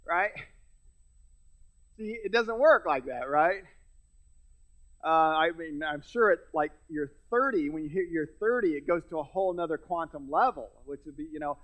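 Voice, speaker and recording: A man's voice: sits high, animated, normal speed, pauses often, fairly bright tone, low-quality recording. A middle-aged man preaching a sermon as pastor, conversational with self-deprecating humor and frequent restarts. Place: church sanctuary.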